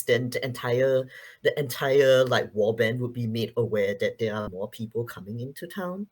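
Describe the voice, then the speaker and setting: A man playing a tabletop game, calmly narrating his character's actions. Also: mid-range voice, moderate pace, slightly rough. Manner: calm, descriptive narration of actions. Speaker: player. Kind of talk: tabletop role-play narration.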